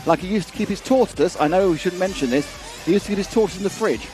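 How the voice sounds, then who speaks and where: A man's voice: high-pitched, quick pace, a little mellow, faint music behind. A man commentating a live race and telling long rambling stories with many restarts.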